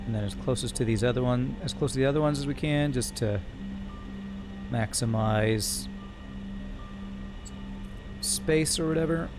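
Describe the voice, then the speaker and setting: Guy streaming a game, talking himself through the math, mid pitch, keeps restarting. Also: a little slow, long pauses, music in the background. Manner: thinking aloud through math, self-correcting. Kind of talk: live gameplay commentary.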